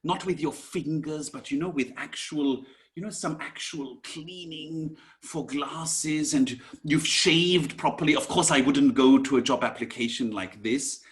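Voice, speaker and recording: A Sanskrit teacher with a voice on the high side leads an online class slowly and gently. He sometimes drops to soft whispers and calls his listeners "my dears."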